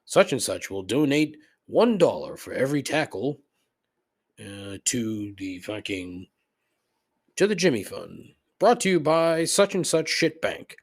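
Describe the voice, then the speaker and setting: A man's voice: mid-range voice, very animated, unhurried, breathy edge, heavily acted. A man voicing a male radio ad announcer for a bank in a salesy parody.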